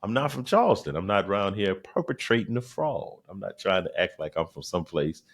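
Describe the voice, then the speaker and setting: Host: deep-voiced South Carolina man, 40s, animated slangy stand-up delivery. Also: fairly quick. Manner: animated, slangy, repeats phrases. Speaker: podcast host, stand-up comedian. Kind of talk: casual podcast monologue.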